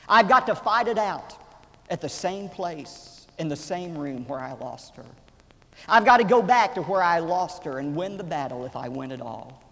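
A man voicing a grieving young widowed father who speaks quietly, with pleading and trembling. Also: a little high, animated, normal speed, vocal fry. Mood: determined. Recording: reverberant hall, faint background noise.

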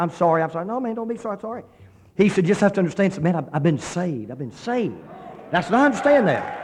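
Fast-talking preacher in a reverberant hall. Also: male voice, sits high. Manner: animated storyteller acting out quoted dialogue, with frequent restarts. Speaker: pastor. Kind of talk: sermon storytelling.

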